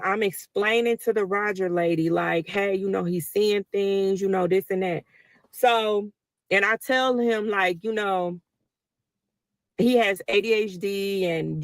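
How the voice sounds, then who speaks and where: A woman speaking in a mid-range voice tells a personal story to viewers, emotional and chatty, and keeps calling them y'all. The sound is dry and close, with no room echo. Her talk runs on in loose, winding sentences. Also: medium pitch. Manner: talkative, emotional, addresses listeners as y'all. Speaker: mother telling a personal story.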